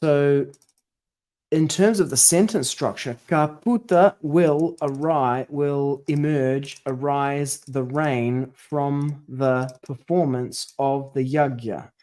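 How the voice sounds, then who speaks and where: A man's voice: medium pitch, slow pace, darkish tone. A man working through a translation aloud, tentative and self-correcting as he muses over each word. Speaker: scripture study presenter.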